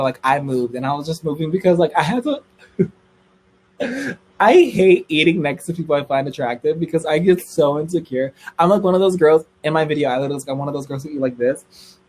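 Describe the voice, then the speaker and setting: A young man telling a story on a livestream in a casual, gossipy way, swearing freely and squealing high when excited. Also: a little hiss or hum, poor audio.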